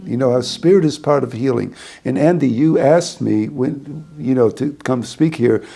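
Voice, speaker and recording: A man's voice: medium pitch, normal speed, creaky, warm tone, slightly rough. A man, a rabbi, giving an informal talk to a small group, rambling through a story with many restarts.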